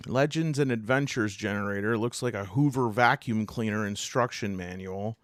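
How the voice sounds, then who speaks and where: A man casually unboxing tabletop games, animated and exasperated, rambling with many restarts. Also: on the low side, normal speed, few pauses, dry recording, clean studio sound. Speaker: tabletop game reviewer.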